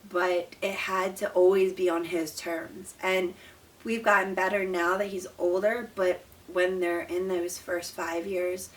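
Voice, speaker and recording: A young woman, a parent of an autistic child, gives earnest, calm advice in a numbered list, speaking straight to camera. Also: lowish voice, measured pace. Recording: voice a bit distant from the mic.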